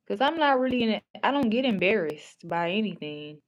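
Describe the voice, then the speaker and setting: A woman's voice: mid-range voice, big pitch swings, fairly quick, few pauses. A woman hosting a livestream in casual chat, talking bluntly and profanely, rambling with many restarts. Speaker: livestream host.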